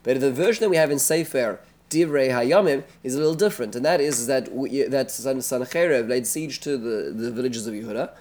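Man teaching with halting, filler-laden delivery. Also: mid-range voice. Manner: hesitant, many fillers and restarts, animated when voicing quoted taunts. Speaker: Torah teacher. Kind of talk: casual text study lecture.

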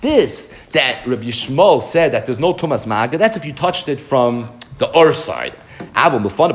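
A man's voice: mid-range voice, slight background noise. A man teaching a Talmud lesson, animatedly acting out the rabbis' exchanges and mixing Hebrew and Aramaic terms into English. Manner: animated, acts out the rabbis' dialogue.

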